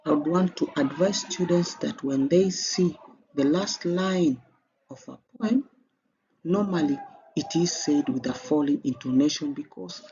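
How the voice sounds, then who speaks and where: A man's voice: on the high side, a little mellow. A man with a Kenyan English accent, teaching an exam revision lesson step by step and lifting his voice at each new question. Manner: explains step by step with a rising, emphatic lift at each new question. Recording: slightly dull, with faint background noise.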